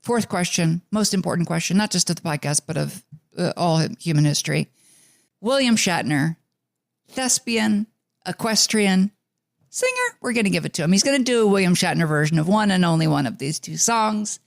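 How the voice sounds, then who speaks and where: A man's voice: high-pitched, very animated, normal speed, vocal fry, no echo, studio quality. A man from the New York suburbs co-hosting a music podcast in a rambling casual chat, full of fillers and restarts. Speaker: podcast co-host.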